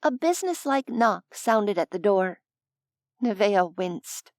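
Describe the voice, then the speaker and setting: A woman narrating an audiobook in a measured, expressive storytelling voice, close to the mic. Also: mid-range voice, no echo.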